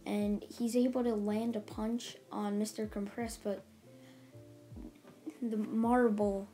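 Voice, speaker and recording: Lady casually rambling through a fan story, mellow flat voice, soft music under it. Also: mid-range voice, slow. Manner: rambling, run-on "and then he's like" storytelling. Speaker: channel host retelling a fan story. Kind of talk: casual spoken retelling. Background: faint background music.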